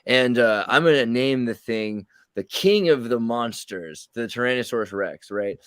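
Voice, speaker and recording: A man's voice: mid-range voice, moderate pace, fairly bright tone, clear, resonant tone, dry recording. A man telling rambling, jokey stories in casual chat, putting on mock voices for the people he quotes.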